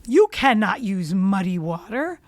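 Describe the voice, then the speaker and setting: A woman's voice: mid-range voice, sing-song, measured pace, dry recording. A woman doing an earnest male village mayor. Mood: proud. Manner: earnest, explaining.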